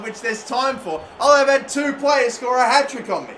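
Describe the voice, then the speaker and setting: Young Aussie guy, high voice, frustrated, cursing gameplay commentary, faint hiss behind. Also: moderate pace, few pauses. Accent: Australian. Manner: exasperated, swearing, animated outbursts. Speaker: gaming YouTuber.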